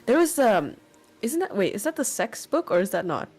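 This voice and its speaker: A woman's voice: a little high, big pitch swings, normal speed, a little mellow, slightly rough. A young woman guest on a casual chat stream, giggly and blunt, swearing freely.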